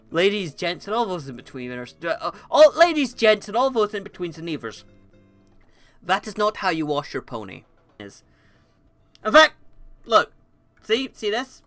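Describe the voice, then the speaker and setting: A woman streaming and commenting on memes in casual talk, rambling and animated, laughing often and swearing freely. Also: on the low side, no echo. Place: home desk setup.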